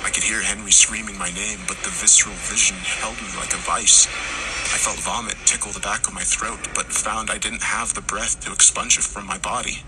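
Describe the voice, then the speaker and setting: A man narrating a horror story, acting out the characters' lines and rising to shouts in tense moments. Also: on the low side, steady tone, moderate pace, background noise. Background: music.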